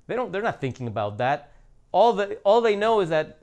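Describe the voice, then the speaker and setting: A man's voice: on the high side, very animated, normal speed, darkish tone. A man hosting his own channel, talking straight to viewers in a casual monologue, blunt and emphatic, repeating his points for stress. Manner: speaks directly to the audience. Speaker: channel host.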